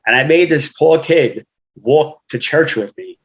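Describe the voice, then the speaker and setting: A man's voice: fairly high pitch, a little slow, muffled recording. A man, a guest author telling his life story frankly in casual conversation, often saying "you know".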